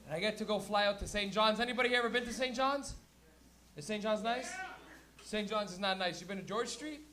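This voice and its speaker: A brash man hosting a stand-up show, with a high, bright, ringing voice. He swears freely and jumps into quick character voices. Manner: brash, profane, acts out characters. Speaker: comedy show host. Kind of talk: stand-up comedy. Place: comedy club stage.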